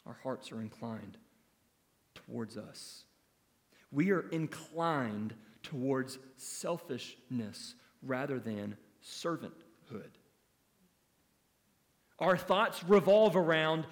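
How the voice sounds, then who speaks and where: A man's voice: a little high, takes it slowly, big-room sound. A man preaching an expository sermon in an earnest, emphatic teaching manner, asking his listeners rhetorical questions. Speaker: pastor.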